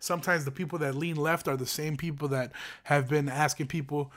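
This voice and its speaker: A man's voice: fairly high pitch, fairly even intonation, brisk, a bit bright. A young man hosting a podcast, ranting in a casual, profane, slang-heavy way with many fillers and restarts. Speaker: podcast host. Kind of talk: casual opinion rant.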